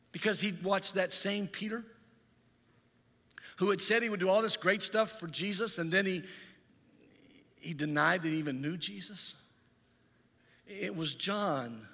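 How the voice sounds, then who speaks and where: A male pastor preaching a Sunday sermon in a church, telling stories in an animated, dramatizing way. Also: high voice, in a large hall. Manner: animated storytelling, dramatizes scenes. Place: church sanctuary.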